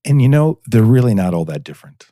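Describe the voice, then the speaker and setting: A man's voice: medium pitch, very animated, fast, mellow, no echo, studio quality. A man from northeastern Pennsylvania, a guest on a podcast, telling local history in a chatty storytelling way with many fillers. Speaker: guest, preservation society director. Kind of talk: casual podcast interview.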